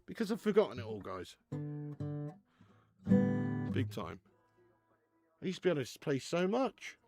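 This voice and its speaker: A man's voice: a little high, wildly swooping pitch, a little slow, music in the background. A man hosting a live football watch-along stream, chatting casually with viewers, laughing often and swearing freely.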